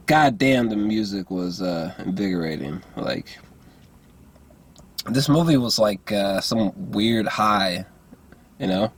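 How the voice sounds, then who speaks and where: A young man giving a casual movie review, rambling and profane, with lots of filler words and throat clearing. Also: mid-range voice. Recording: faint background noise.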